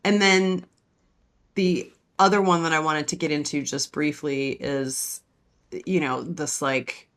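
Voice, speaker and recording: Low, bright-voiced woman podcast host. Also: steady tone, takes it slowly. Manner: direct, frank, asks questions, gives advice. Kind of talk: casual conversational podcast.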